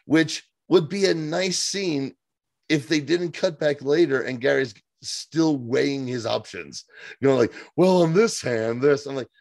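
A man co-hosting a casual podcast recap, animated and profane, reading out viewer reviews and acting out scenes. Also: medium pitch, unhurried, gravelly, no room sound. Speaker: podcast co-host.

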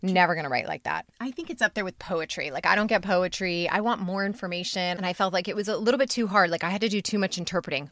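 A woman's voice: lowish voice, fast talker, hardly any pauses, pushed and bright, no echo. A woman hosting a writing podcast, talking candidly with frequent restarts and asides, recorded in a university studio. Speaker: podcast host and writing teacher. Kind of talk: casual chat and scripted outro.

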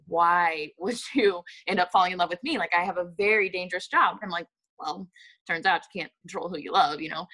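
A young woman from the rural United States recounting a personal loss in a halting testimony full of fillers and restarts. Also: on the low side, bright, forceful tone, rough recording.

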